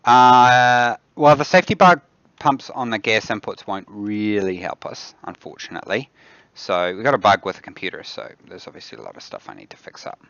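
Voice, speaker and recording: A man with a New Zealand accent gives unhurried commentary on a live dev stream, muttering and thinking aloud as he works. His low voice is gravelly, and the sound is dry and a little dull and lo-fi. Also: animated, a bit bright, dry recording. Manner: mutters to himself, thinks aloud while building. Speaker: game developer hosting a dev stream. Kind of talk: casual livestream commentary while demoing a game. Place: office.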